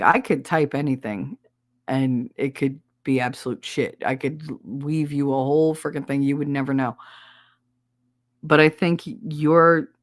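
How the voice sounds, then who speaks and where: A middle-aged woman with a thick regional American accent, chatting bluntly and confidingly on a casual livestream, swearing freely. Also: low-pitched. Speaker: streamer.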